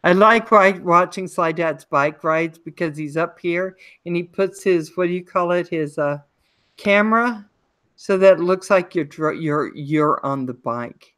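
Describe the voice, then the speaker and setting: A woman's voice: lowish voice, unhurried, a bit bright, no room sound. A woman livestream host with a Maryland accent, chatting casually, reading viewer comments and greeting people by name.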